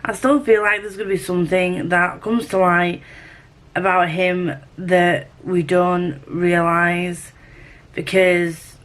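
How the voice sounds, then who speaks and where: A young woman vlogging in a casual, rambling, animated way, poking fun at herself. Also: on the low side, slow pace. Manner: chatty, rambling, animated, self-mocking. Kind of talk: casual rambling vlog chat.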